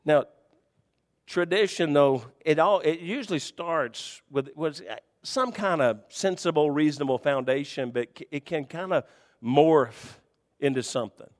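Folksy preacher guy, kinda high voice, long church echo, goes quiet then yells. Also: measured pace. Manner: folksy, swings from low murmurs to high shouting. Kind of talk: sermon.

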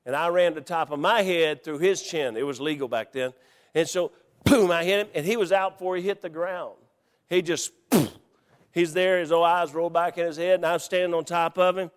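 A middle-aged man telling a story from the pulpit in a folksy, animated way and acting out the quotes. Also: on the high side, a little fast, clean tone. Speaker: preacher. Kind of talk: storytelling sermon. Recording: long hall reverb.

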